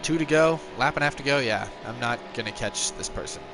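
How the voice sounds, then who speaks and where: A man's voice: a little fast, background noise. A man streaming a racing game live, chatting casually with viewers and joking at his own expense. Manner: chatty and self-mocking, yelps high with excitement during racing.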